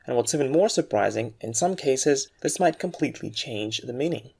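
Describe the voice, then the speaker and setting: A man giving a scripted aviation English lesson, explaining word stress in a clear, measured way and reading example sentences. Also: medium pitch, lively intonation, a little mellow.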